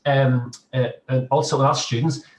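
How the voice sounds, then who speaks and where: A man's voice: medium pitch, fairly even intonation, normal speed. Chatty, humorous male lecturer, roomy distant sound. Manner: chatty and humorous, with frequent restarts. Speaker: social work lecturer. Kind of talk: casual interview chat.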